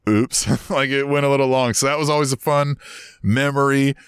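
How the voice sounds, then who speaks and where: A man co-hosting a podcast, telling old stories in a rambling, casual way and getting animated when he quotes people. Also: medium pitch, normal speed, smooth, no echo, clean studio sound. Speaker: podcast co-host. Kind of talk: casual storytelling chat. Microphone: video call.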